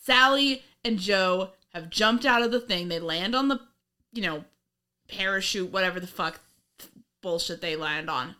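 A woman co-hosting a casual podcast recap, animated and laughing, often swearing and acting out lines from the episode. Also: mid-range voice, a little slow, smooth. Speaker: podcast co-host.

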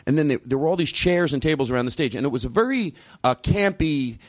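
Hosting a radio show on a studio mic, a man chats casually and rambles through stories, swearing freely. His voice is a little high, expressive and fast, with no room sound.

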